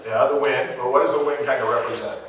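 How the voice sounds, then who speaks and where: A man's voice: mid-range voice, steady tone, fast talker, fairly bright tone. A man leading a conversational Bible study, questioning his listeners and laughing along with them. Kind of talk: interactive Bible study teaching. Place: church hall. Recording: echoey hall from far off.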